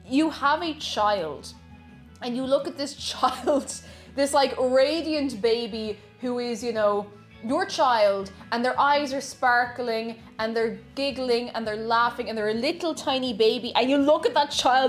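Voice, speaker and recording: A woman's voice: fairly high pitch, measured pace, faint music behind. A woman chatting casually while she cooks on a live stream, giggly and talkative, reading out chat messages. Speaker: cooking streamer.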